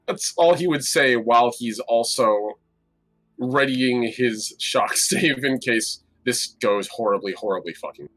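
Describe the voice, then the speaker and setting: A man playing a tabletop game, talking in a rambling, animated way. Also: medium pitch, measured pace. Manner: animated, rambling, laughs often. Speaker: player. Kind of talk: casual tabletop play.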